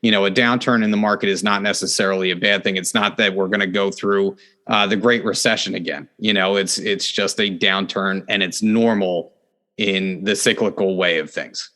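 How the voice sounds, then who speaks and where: A middle-aged man hosting a real estate podcast in casual interview chat, earnest, and he jumps up in pitch to stress a point. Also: fairly even intonation, normal speed, sharp tone.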